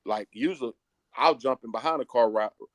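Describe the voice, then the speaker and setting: A man's voice: mid-range voice, no echo. Earnest man telling his testimony. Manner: earnest storytelling, slows down for key moments. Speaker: pastor. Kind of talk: personal testimony in an interview.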